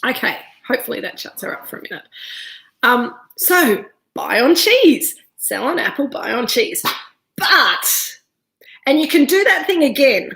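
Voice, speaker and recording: A woman's voice: sits high, big pitch swings, measured pace, gravelly, fairly bright tone. A woman leading a casual live wine tasting class, chatting freely while chewing cheese. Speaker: winemaker leading a virtual tasting.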